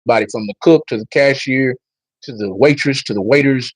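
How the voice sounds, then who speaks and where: A man's voice: mid-range voice, quick pace, slightly rough, dry recording, low-quality recording. A man hosting a casual livestream, talking straight to his viewers and telling a story. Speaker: livestream host.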